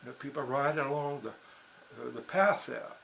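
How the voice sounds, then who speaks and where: Gravelly guy rambling on, one thought into the next, faint hiss behind him. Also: mid-range voice, normal speed, sharp tone, poor audio. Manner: digressive, peppered with "you know" and "see". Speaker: writer and blogger. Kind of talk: rambling monologue.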